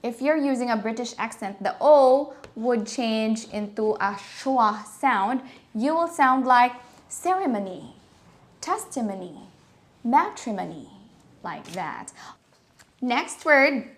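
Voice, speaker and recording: A Filipino-accented woman teaches pronunciation in a relaxed, chatty way. Her voice sits a little high, and she drags each word out slowly and carefully. She slips into Tagalog now and then. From Philippines. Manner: slow deliberate enunciation, mixing in Tagalog, frequent laughs. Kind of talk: casual online pronunciation lesson.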